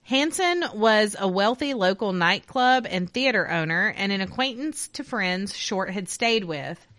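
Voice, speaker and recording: A woman with a bright, forceful voice reads a crime case aloud for a podcast. Her delivery has a crisp newscaster tone, and she breaks off to swear and laugh with her co-host. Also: mid-range voice, animated, a little slow. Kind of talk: true crime podcast, reading notes with banter.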